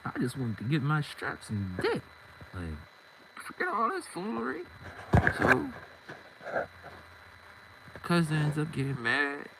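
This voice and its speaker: Young man telling a story, wildly animated. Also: medium pitch, slow pace, long pauses, very noisy. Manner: animated, slangy, acts out both sides of conversations. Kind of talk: casual storytime monologue.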